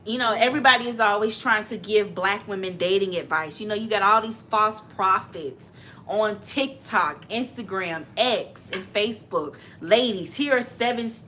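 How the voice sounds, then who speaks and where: A woman from Atlanta co-hosts a casual chat show. Her voice is bright and clear, and she talks in an emphatic, animated way. A faint noise sits under the recording. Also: mid-range voice, moderate pace. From Atlanta, Georgia. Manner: animated, emphatic, drops into mocking quotes. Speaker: co-host.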